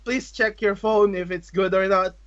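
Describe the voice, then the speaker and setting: A man from Canada chatting on a podcast, telling stories excitedly, laughing often and saying "like" constantly. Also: high-pitched, moderate pace. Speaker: podcast co-host. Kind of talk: casual chat. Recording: dull lo-fi audio.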